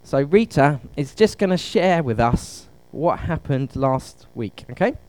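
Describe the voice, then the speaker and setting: A man's voice: on the high side, animated, a little slow, a little mellow. A man preaching a conversational sermon at a church service, asking the congregation questions.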